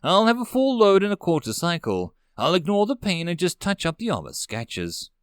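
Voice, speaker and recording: A man voicing a big, calm female alien who speaks matter-of-factly, in a dry, lively reading. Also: on the low side, normal speed, smooth, no room sound.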